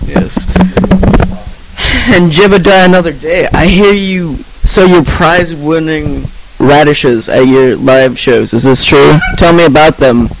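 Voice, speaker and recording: A man's voice: a little high, a little slow, gravelly, low-quality recording. A man playing a pompous talk-show interviewer, asking exaggerated, demanding questions in an improvised comedy interview. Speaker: mock interviewer. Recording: loud noise behind the voice.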